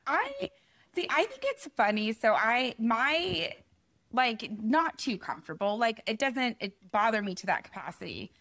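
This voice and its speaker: A woman's voice: on the high side, very animated, measured pace, a bit bright, no room sound. A young woman co-hosting a podcast, chatting emphatically and laughing a lot. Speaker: podcast co-host. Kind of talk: casual chat.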